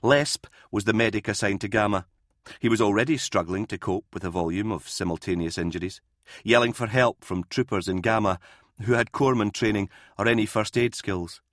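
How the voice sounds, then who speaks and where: A man narrating an audiobook in a measured, grave storytelling manner. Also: fairly low pitch, fairly bright tone, dry recording, studio quality. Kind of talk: scripted narration.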